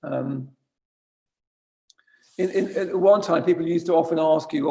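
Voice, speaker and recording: A man's voice: fairly high pitch, unhurried, creaky, mellow. A man giving an informal dharma talk as a Buddhist teacher, conversational and wry, often correcting himself mid-sentence. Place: retreat centre shrine room.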